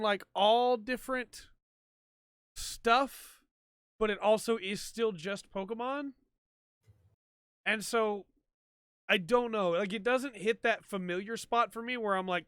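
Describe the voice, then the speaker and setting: On a desk mic set up for streaming, a man hosts a podcast alone, chatting casually and rambling with ums and likes. He has a high, unhurried voice with a fairly bright, clean tone, and the studio recording has no room sound.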